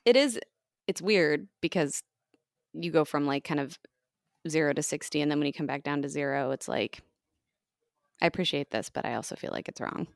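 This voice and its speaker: A woman's voice: deep voice, normal speed, long pauses, no echo, studio quality. A young American woman co-hosting a casual podcast chat, playful and laid back. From United States. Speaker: podcast co-host.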